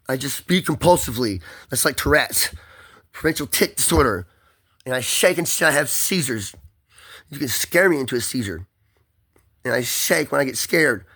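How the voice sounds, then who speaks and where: A man's voice: a little high, bright, forceful tone. Agitated man venting in a rambling rush. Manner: agitated, rambling, swears often; repeats and restarts words under strain. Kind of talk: emotional personal monologue.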